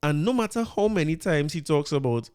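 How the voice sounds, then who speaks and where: A Trinidadian-accented man hosts a podcast in a fairly high, clean voice that's brisk and a little mellow, with lively intonation. His casual commentary sounds incredulous, and he repeats words as he gets worked up.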